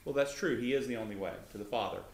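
A man teaching about the Bible in a relaxed way, with his voice leaping up when he acts out quotes. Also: racing. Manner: lively, pitch jumps up when voicing Jesus. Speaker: co-host of a Christian talk show. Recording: echoey room.

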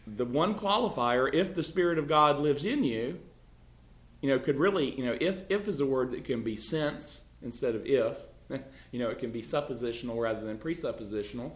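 Man, Bible class teacher, mid-pitched, emphatic, lots of "you know", echoey classroom. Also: expressive, normal speed. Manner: frequent "you know" fillers and restarts, emphatic. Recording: echoey room.

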